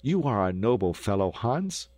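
A man voicing a courteous, well-bred teenage boy racer in an audiobook, speaking warmly and in a hurry. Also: lowish voice, big pitch swings, moderate pace, dry recording. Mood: grateful. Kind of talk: audiobook character voice.

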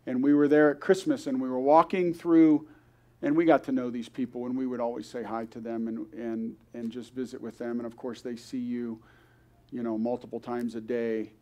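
A man's voice: mid-range voice, level tone, normal speed, dark tone, lo-fi sound. Older man telling an earnest testimony. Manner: earnest storytelling, acting out quoted voices. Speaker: guest speaker. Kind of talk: testimony story at a church service. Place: church service.

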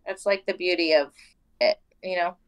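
A woman's voice: on the low side, normal speed. A woman guest on a podcast, chatting casually and teasing playfully. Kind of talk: casual chat.

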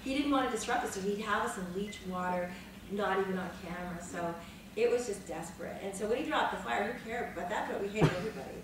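A woman in her fifties, an actress on a panel, telling behind-the-scenes stories in a lively, dramatic way, laughing and swearing freely. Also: mid-range voice, fast. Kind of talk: animated anecdotal storytelling. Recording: echoey room, mic far off, noisy.

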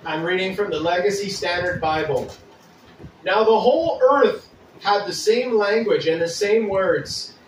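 Man, high voice, sermon with scripture reading, distant mic in a roomy hall. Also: slight background noise. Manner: deliberate preaching with frequent restarts and scripture reading. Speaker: pastor.

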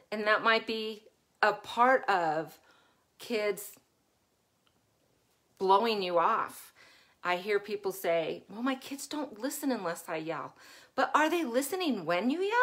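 A woman's voice: mid-range voice, a bit bright. Chatty woman who laughs often. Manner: chatty, laughs often while telling stories; asks the listener rhetorical questions. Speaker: parenting coach hosting a live session. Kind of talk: casual live talk to parents.

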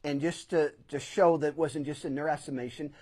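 A man's voice: fairly high pitch, steady tone, moderate pace, mellow. A middle-aged man, a pastor, preaching a sermon in a church sanctuary, telling a personal story and pressing hard on key phrases.

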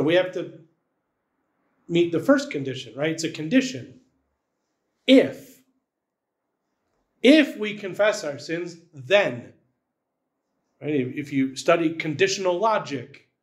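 A man, the church's pastor, preaching a sermon in a conversational style, often checking in with "right?". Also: a little high.

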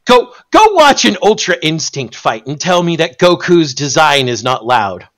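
A man talking in a loose, casual discussion, his pitch swinging widely as he gets worked up. His voice sits a little high for a man. He trips over his words and swears for emphasis. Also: measured pace. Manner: animated, swears freely, stumbles and restarts.

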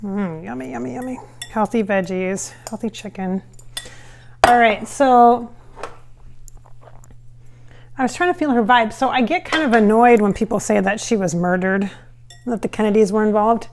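In a noisy home kitchen with hardwood floors, a psychic medium vlogger cooks and chats in a rambling way, full of fillers and false starts. Her high-leaning voice is creaky and moderately paced, broken by long pauses.

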